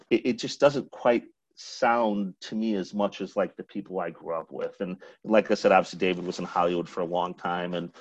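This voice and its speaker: Man with a low voice. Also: breathy edge. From Chicago, United States. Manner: rambling, full of restarts and "like". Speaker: interview guest, actor. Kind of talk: casual interview conversation. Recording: dull, muffled lo-fi sound.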